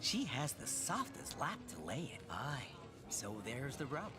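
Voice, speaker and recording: A man's voice: medium pitch, big pitch swings, unhurried, over music. A man voicing a vain, wistful stray tomcat in a video game, speaking in flowery, old-fashioned phrasing.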